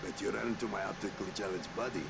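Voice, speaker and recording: An actor playing a gruff middle-aged male trader in a game, swaggering and profane like a sly salesman. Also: on the low side, fairly even intonation, very fast, very noisy.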